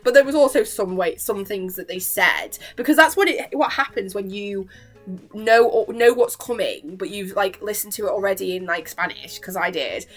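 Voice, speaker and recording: A young woman chatters away at home, giggling and leaning hard on "like". Her pitch swings up and down in a lively way, and her voice sits at an ordinary middle height. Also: normal speed, faint music behind. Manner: chatty and giggly, full of fillers like "like". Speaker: vlogger. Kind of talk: casual chat reacting to a cartoon episode.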